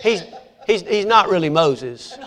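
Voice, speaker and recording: Preacher guy, high voice, all over the place with it, acting out the story lines. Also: unhurried. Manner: animated storytelling, acting out voices of biblical figures. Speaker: pastor. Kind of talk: sermon.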